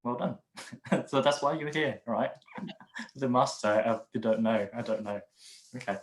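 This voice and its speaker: A man's voice: mid-range voice, fairly even intonation, a little slow, slight background noise, poor audio. A man hosting an online webinar over a video call, coaching in a casual way, teasing his co-presenter and laughing easily. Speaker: webinar host.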